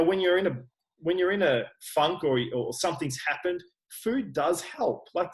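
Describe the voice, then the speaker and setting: Heard through rough audio, an Australian online personal trainer with a voice on the high side guests on a casual interview. He speaks frankly and with earnestness, often going back to restart what he's saying.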